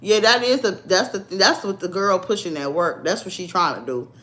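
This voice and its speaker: Speaking straight to her livestream audience in a casual chat, this young vlogger is blunt and sassy. She has a mid-range, expressive, somewhat bright voice and talks briskly.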